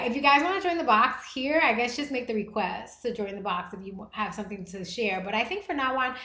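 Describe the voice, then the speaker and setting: A young American woman hosting a livestream podcast, chatting casually with viewers in a playful, animated way. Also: a little high. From United States. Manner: animated and playful, with gasps and bursts of laughter. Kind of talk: casual livestream chat reading viewer comments. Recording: echoey room.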